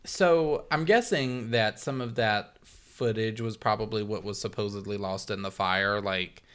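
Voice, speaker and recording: Casting: man podcaster with a bright, forceful tone and a rambling, profane delivery. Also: on the low side, unhurried, smooth. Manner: rambling, many fillers, swears. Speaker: podcast co-host. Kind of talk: casual true-crime chat.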